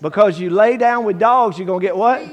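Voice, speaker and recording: A man giving a testimony sermon, acting out the dialogue in his story and swinging from hushed to shouting. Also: high-pitched, fairly quick, in a large hall, highs cut off. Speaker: guest preacher giving testimony.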